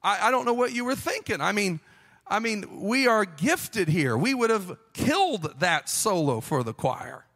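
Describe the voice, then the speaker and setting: A preacher doing petulant, offended tribesmen. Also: male voice, sits high, big pitch swings, unhurried, fairly bright tone, in a large hall, heavily acted. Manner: petulant, complaining. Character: whiny, offended, self-important ancient tribesmen.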